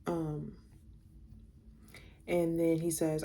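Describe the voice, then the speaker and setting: A woman's voice: deep voice, level tone, moderate pace, dark tone. A young woman casually telling a storytime to her viewers, reading out text messages, candid and blunt, swearing freely.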